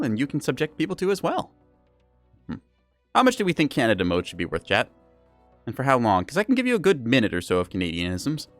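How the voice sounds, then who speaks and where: A man's voice: mid-range voice, no room sound. A man streaming a game live, chatting casually and playfully with his chat in a rambling, self-mocking way. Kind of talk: casual live gameplay commentary.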